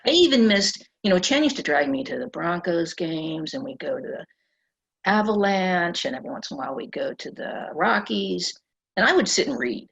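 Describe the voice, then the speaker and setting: Gravelly-voiced woman telling stories. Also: fairly low pitch, normal speed. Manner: animated, laughs often, acts out quoted voices. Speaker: author being interviewed. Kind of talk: conversational storytelling. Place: press club event room. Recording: dull lo-fi event recording.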